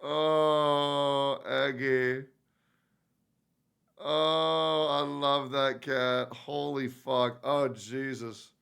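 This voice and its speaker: A man's voice: mid-range voice, flat delivery, very slow, gravelly, a bit bright, smooth. A male streamer reacting casually on a live stream, swearing and gushing with frequent exclamations. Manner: profane, gushing, exclaims a lot.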